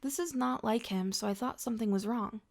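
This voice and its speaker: A woman reading first-person drama stories aloud in a steady scripted narration. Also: a little high, brisk, gravelly.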